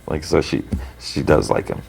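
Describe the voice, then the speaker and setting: Low-voiced guy on a podcast, chatty plot recap, keeps saying he's like. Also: lively intonation, moderate pace, vocal fry, a little mellow, slight background noise. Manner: retells scenes with lots of "he's like" and fillers. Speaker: podcast host.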